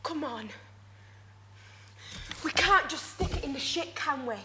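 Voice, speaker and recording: An actress playing a troubled young woman in a hushed monologue, soft and coaxing. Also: high voice, animated, measured pace, slight background noise, full character voice. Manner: soft, coaxing, working-class speech. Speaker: drama student in a showcase scene.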